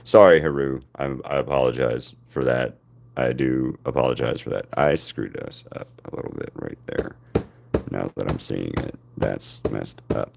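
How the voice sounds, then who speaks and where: A man casually chatting to live-stream viewers while he paints, rambling and self-deprecating, talking to his chat between pauses. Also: rumbling low, vocal fry, a little mellow, slight background noise.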